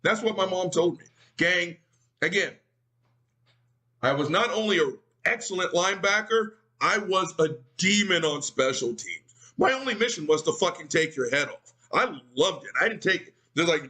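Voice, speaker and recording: A man telling a profane, animated story, calling his audience "gang.". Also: sits high, normal speed.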